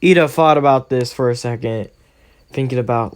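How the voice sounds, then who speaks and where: A man's voice: medium pitch, moderate pace, clear, resonant tone. Casual rambling male storyteller. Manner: loose, rambling, many filler likes. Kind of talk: casual fan-story narration.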